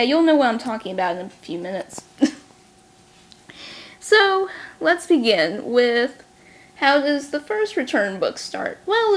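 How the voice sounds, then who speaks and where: A woman recapping a book series in a casual vlog, snarky and sarcastic, talking quickly. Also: mid-range voice. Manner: talks fast. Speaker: book reviewer.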